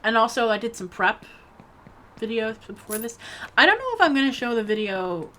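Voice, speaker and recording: A woman's voice: fairly high pitch, animated, normal speed, fairly bright tone, a little hiss or hum. A woman giving casual, rambling commentary while playing a video game, talking to herself and to the characters on screen with playful, jokey outbursts. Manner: jokey mock-bossy outbursts. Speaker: gaming video creator.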